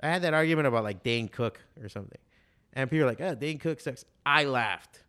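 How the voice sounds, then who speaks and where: A man's voice: mid-range voice, expressive, quick pace, sharp tone. Rambling, profane man in his forties. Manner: profane, rambling storytelling with many fillers. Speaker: stand-up comedian and podcast guest. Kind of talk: casual chat.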